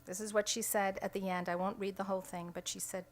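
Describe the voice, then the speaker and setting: A woman's voice: mid-range voice, level tone, fast talker, a little hiss or hum. Emphatic middle-aged woman at a podium. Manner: emphatic, re-enacts quoted dialogue. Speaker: pregnancy center director. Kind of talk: press conference statement. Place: indoor room at a state capitol.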